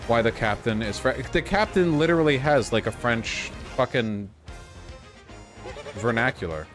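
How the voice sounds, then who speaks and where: A man's voice: medium pitch, moderate pace, fairly bright tone, faint music behind. A man streaming a game, giving casual let's-play commentary in a sarcastic, profane way and reacting to chat.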